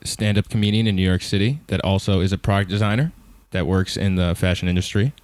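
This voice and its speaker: A man's voice: low voice, fairly even intonation, quick pace, darkish tone, no room sound. A young man hosting a comedy podcast in casual, rambling, profane chat, laughing often. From suburbs of Boston, US. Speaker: podcast host, stand-up comedian.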